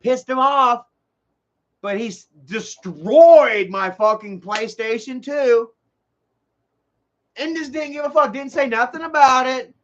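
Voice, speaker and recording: A man tells rambling, profane stories on his livestream. His voice sits high, and it comes through dull lo-fi stream audio. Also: takes it slowly, pauses often. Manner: rambling, profane, animated storytelling. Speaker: livestream host. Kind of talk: casual storytelling on a livestream.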